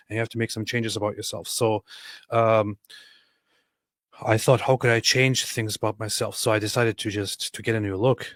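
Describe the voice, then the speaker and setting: A man chatting on a livestream, delivering jokes in a deadpan, matter-of-fact way. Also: fairly low pitch, no echo, clean studio sound. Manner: joking, deadpan announcements. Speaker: co-host. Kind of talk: casual livestream chat.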